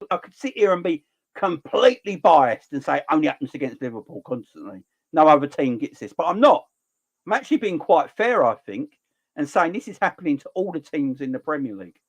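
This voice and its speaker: A football channel livestream host in his forties with a South East London accent alternates between passionate rants and relaxed chat with viewers. His voice is fairly high-pitched.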